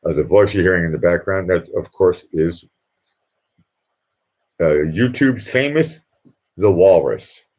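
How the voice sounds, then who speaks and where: Husky deep-voiced rambling man. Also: animated, a little slow, pauses often, darkish tone. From Boston. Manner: rambling, with restarts and repeated words. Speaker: live stream host. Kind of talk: casual live stream chat.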